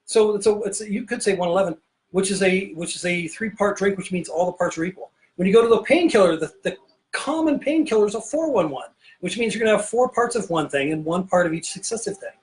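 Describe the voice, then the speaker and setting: A man's voice: sits high, lively intonation, quick pace, rough recording. A man hosting a casual bartending show, telling a long joke in a rambling, playful way while mixing drinks in a home bar. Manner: rambling, self-interrupting, playful. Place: home pirate-themed bar.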